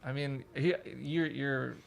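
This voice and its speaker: A man in casual studio podcast chat, relaxed and dryly teasing. His voice has a gravelly, fried edge at a middling pitch. He sounds close to the mic. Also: slow. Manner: laid-back, dry teasing. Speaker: podcast host.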